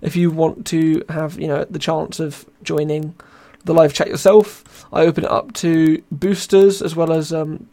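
Tired young British man, slightly high voice. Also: flat delivery, a little slow, few pauses, mellow. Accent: British English. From Britain. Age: young adult. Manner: rambling, self-mocking, reads chat aloud. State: tired, voice wearing thin. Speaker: podcast host. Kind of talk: casual live podcast chat.

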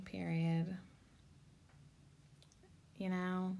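A woman hosting a podcast and reading cards, rambling casually with lots of filler words and spiritual talk, sounding tired and low on energy. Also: drawn-out words, vocal fry, pauses often, darkish tone.

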